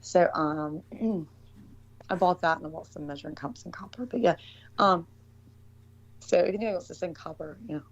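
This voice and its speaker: A woman's voice: lowish voice, moderate pace, pauses often, highs cut off. A woman talking casually and argumentatively as a guest, swearing often and rambling with restarts. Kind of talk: casual chat.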